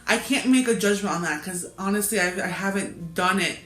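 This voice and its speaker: A woman's voice: mid-range voice, fairly quick, fairly bright tone. A woman who stutters, chatting casually as a co-host. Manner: stutters, repeats sounds. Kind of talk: casual chat. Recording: echoey room with faint music.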